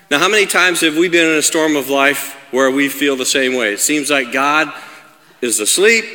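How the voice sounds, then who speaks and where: A man preaching a sermon, reading scripture and then growing loud and emphatic, often asking his listeners "right?". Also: fairly high pitch, moderate pace, long reverb tail.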